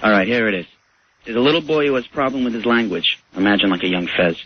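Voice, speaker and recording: Low-voiced male caller telling a joke. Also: fast talker, highs cut off, slight background noise. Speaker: radio caller.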